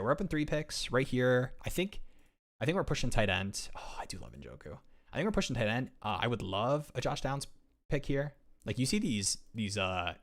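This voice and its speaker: A young man with a lowish voice talks through a fantasy football draft on a live stream. He is excitable and rambling, and often trips over his own words and restarts his sentences. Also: creaky. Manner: excitable, rambling, self-interrupting. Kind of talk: casual live-stream chat.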